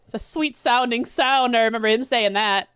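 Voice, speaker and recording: A woman's voice: on the high side, moderate pace, a bit bright, clean tone, no room sound, studio quality. A woman game streamer chatting casually, giggly and self-deprecating. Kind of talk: casual livestream chat.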